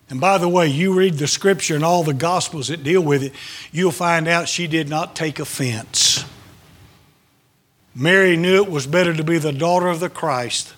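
A man's voice: on the high side, a bit bright. A man preaching a sermon, emphatic and dramatic, sometimes dropping his voice to a whisper.

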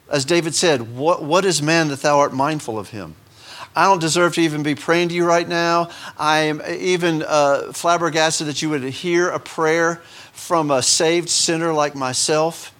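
A man preaches, his voice sitting a little high. He is folksy and jokes along the way, throwing questions to the congregation. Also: moderate pace, fairly bright tone. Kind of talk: sermon.

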